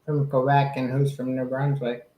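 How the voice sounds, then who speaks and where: A man talking haltingly with many pauses on a video call. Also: mid-range voice, monotone, echoey room, muffled recording, a little hiss or hum. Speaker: panelist. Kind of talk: casual video-call chat.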